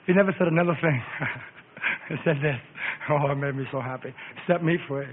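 A man preaching a sermon, rambling and fervent, swinging between hushed asides and shouts. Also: a little high, a little fast, long pauses. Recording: echoey hall on a tinny phone-like line.

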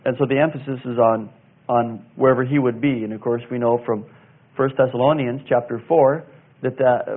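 A man teaching through scripture verse by verse, in a voice of ordinary middle pitch. He speaks deliberately, pausing on fillers and spelling out words letter by letter. The sound is thin and narrow, like a phone line. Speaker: Bible teacher.

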